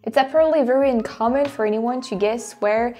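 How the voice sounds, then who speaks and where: Host: French woman, mellow tone, excitable reactions over faint music. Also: on the high side, brisk. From France. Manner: animated, exclaiming and laughing often. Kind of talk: casual reaction commentary.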